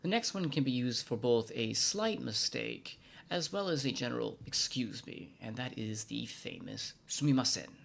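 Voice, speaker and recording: A man's voice: mid-range voice, lively intonation, normal speed, creaky, hardly any pauses, noisy background. American man hosting a language vlog. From United States. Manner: playful, drops into hushed asides and mock-formal speech. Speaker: vlog host teaching Japanese. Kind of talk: scripted educational vlog narration.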